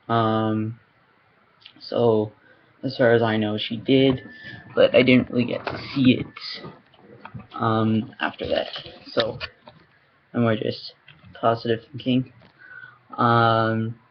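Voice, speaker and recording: Man, casual home vlog, headset mic, flat even delivery, hesitant with ums, slightly muffled lo-fi recording. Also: mid-range voice, creaky. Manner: rambling, hesitant, many ums. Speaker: vlogger. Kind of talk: casual video diary update. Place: room at home. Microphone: headset microphone. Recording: slightly dull lo-fi sound.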